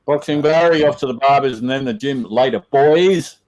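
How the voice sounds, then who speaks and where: A man's voice: mid-range voice, moderate pace, darkish tone, dull audio. A man co-hosting a casual livestream over a video call, friendly, reading out viewer comments and chatting. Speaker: livestream co-host reading chat.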